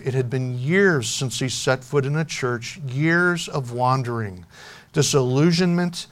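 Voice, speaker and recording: A man preaching a sermon, telling a story and making an earnest, softening appeal to his congregation. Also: mid-range voice. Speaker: pastor.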